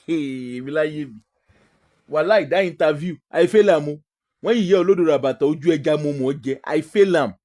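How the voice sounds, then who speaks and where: A man from Nigeria with a Nigerian accent, telling stories in a casual, animated way, mixing Pidgin into his English and laughing often. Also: on the high side, normal speed. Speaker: guest. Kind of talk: casual storytelling.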